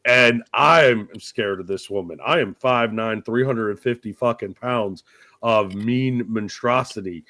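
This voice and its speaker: A man hosting a casual podcast chat, telling rambling, profane comic stories with loud outbursts. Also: lowish voice, unhurried, no room sound, clean studio sound. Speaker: podcast host.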